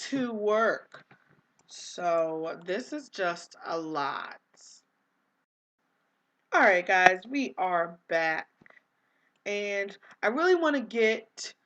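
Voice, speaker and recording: A woman's voice: mid-range voice, fairly bright tone. A young woman casually commenting on her life-sim game, chatty and easily exasperated, with lots of fillers. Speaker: gaming vlogger.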